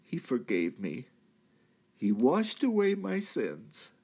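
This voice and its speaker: A man playing a husky, slow redeemed thief. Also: mid-range voice, huge pitch swings, a little mellow, exaggerated voice. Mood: joyful. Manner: earnest storytelling, swelling to cries at key moments. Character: repentant male thief, crucified, now redeemed. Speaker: dramatic monologue performer. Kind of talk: church drama monologue.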